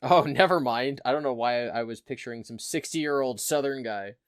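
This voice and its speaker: A man's voice: mid-range voice, moderate pace, clean tone, no room sound. Dry-sounding wry male co-host. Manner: wry, joking interjections. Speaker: podcast co-host. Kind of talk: casual chat.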